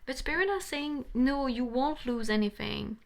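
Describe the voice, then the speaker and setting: A woman's voice: high-pitched, animated, moderate pace, vocal fry. A young adult woman giving a passionate tarot reading to camera, pleading and repeating herself eagerly. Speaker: tarot reader.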